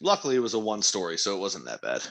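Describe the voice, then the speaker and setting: This young man co-hosts a podcast, telling profanity-filled stories amid laughter in casual conversation. His fairly low, slightly bright voice moves very fast, with huge pitch swings.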